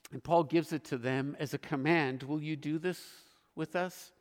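A man preaching a sermon as pastor, earnest, with emphatic pauses. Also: on the high side, fairly even intonation, in a large hall.

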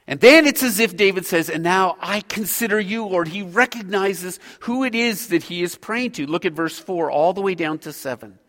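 A man preaching a sermon as a pastor, earnest and measured, pausing between phrases. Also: high-pitched, a bit bright. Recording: hall reverb.

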